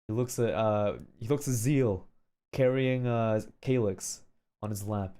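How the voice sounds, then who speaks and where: A man streaming casually, telling a story with animated shouted sound effects and frequent filler check-ins. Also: on the low side, a little slow, smooth.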